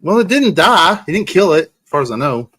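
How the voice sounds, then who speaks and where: A man's voice: on the high side, big pitch swings, brisk, bright, forceful tone, husky, no echo. A man chatting casually on a livestream, teasing and swearing while scolding his dog.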